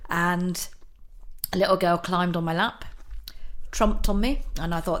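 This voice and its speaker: A woman's voice: lowish voice, moderate pace. A middle-aged woman, a guest in an interview, telling a personal story in a chatty way, laughing often and using many fillers.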